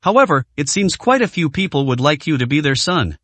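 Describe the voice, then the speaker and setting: A man voicing a calm, mocking young billionaire in an audio story, speaking coolly and teasingly. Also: on the high side, a little fast, dry recording. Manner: cool and teasing.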